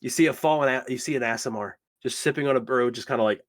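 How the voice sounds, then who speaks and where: A man running a tabletop game as game master, casual and animated, swearing often. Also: medium pitch, fast talker.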